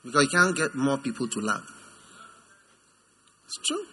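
A man preaches quickly, his voice slightly rough, in an animated sermon. Acting out figures in assumed voices, he swings from high mockery to low intimacy.

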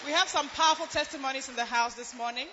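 A man hosting a church service, announcing speakers loudly to the congregation. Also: extremely high pitch, fast talker, highs cut off, noisy background. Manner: calls out to the crowd.

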